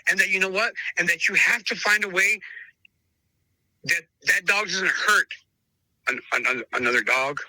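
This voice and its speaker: A man's voice: sits high, moderate pace, pauses often, bright, forceful tone, no room sound, poor audio. A man who breeds dogs, telling stories in a casual interview and acting out both sides of past conversations, often calling the listener brother. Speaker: dog breeder.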